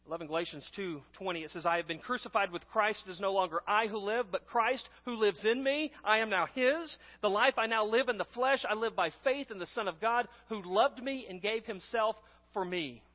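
A man preaching a sermon as pastor, emphatic, swinging between loud stresses and hushed asides. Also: sits high, fairly quick. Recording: long hall reverb, dull lo-fi sound.

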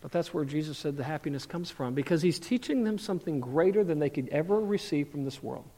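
High-voiced preacher in a reverberant church. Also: male voice, lively intonation, fast. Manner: preaching with big swings between loud and hushed delivery. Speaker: pastor. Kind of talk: sermon. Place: church sanctuary.

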